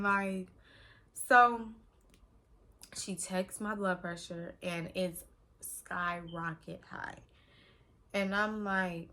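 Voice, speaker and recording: A young woman, casually telling a personal story in an animated, slangy way that acts out what people said. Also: medium pitch. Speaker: vlogger telling her birth story.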